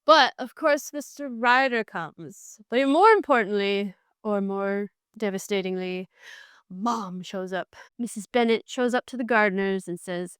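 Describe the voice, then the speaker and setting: A young woman chatting casually as she reviews a book, animated and wry, often restarting her sentences. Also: mid-range voice, unhurried, clear, resonant tone, no room sound, studio quality.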